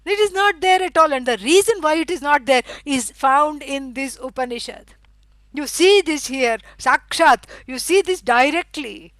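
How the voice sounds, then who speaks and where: A middle-aged woman teaching a scripture lecture. She explains at length, fills pauses with "you know" and stresses words for emphasis. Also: high-pitched, lively intonation, fairly bright tone, no echo, low-quality recording. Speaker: Vedanta teacher.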